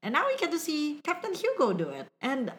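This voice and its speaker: A woman co-hosting a podcast, talking casually and enthusiastically with quick asides. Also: sits high, wildly swooping pitch, a bit bright, slight background noise. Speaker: podcast co-host. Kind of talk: casual chat.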